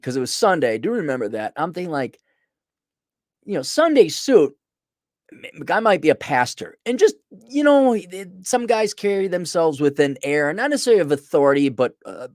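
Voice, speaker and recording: A middle-aged man spins a rambling, self-mocking yarn, his pitch leaping up and down as he goes. The sound is dry and close, with no room echo. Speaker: podcast host. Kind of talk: casual storytelling monologue.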